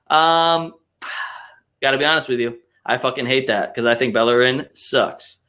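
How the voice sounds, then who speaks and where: Hosting a laid-back live soccer podcast, a young man delivers profane, opinionated rants with plenty of animation, now and then imitating others mockingly. His pitch is medium and his pace unhurried.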